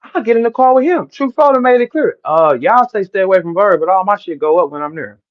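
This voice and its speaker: A middle-aged man with a St. rants and lectures, his voice pitched high and his manner preachy and profane. He speaks in a fiery sermon-like flow aimed at his listeners. The sound is dull and lo-fi, like a muffled stream. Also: lively intonation, fast. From St. Louis, Midwest US. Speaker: battle rapper ranting to listeners. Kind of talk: heated livestream rant.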